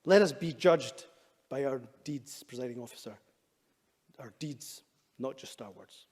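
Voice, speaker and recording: A man's voice: medium pitch, a little slow, darkish tone, slight background noise. A man, a government minister giving an earnest, emphatic formal speech to parliament. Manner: earnest and emphatic, with repeated urging statements. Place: large debating chamber. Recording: long reverb of a debating chamber.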